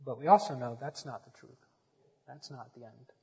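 A man delivers a sermon in a slightly husky voice, building to loud emphatic peaks before falling back to a hush. The sound is dull and muffled, carried on the long reverb of a large church hall. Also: mid-range voice, normal speed. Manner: preaching with swells in volume, then dropping quiet. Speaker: preacher. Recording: dull echoey sanctuary recording.

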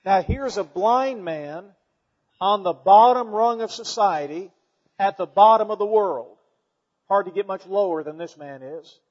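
A man's voice: high voice, unhurried. Male preacher, sermon, storytelling delivery, long hall reverb, muffled recording. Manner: storytelling preaching, building from calm to forceful emphasis.

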